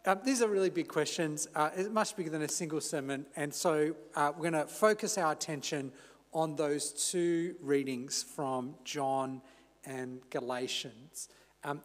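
Slow, unhurried preacher in a reverberant church. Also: male voice, on the high side. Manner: measured, unhurried preaching with a gentle conversational aside. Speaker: pastor. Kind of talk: sermon.

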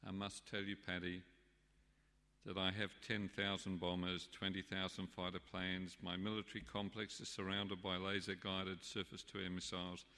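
A man's voice: sits low, flat delivery, moderate pace, pushed and bright. A man playing a pompous military dictator who speaks in a stiff, self-important way, with the long reverb of a church.

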